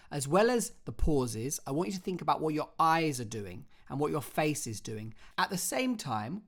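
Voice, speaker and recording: A drama teacher, giving an online acting lesson with clear step-by-step instructions and a theatrical, expressive delivery. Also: medium pitch.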